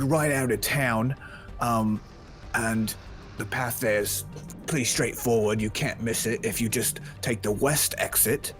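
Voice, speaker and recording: A man's voice: medium pitch, lightly acted. A man doing a chatty dwarven barkeep. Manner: casual, chatty, hospitable. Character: burly dwarven male tavern keeper, friendly.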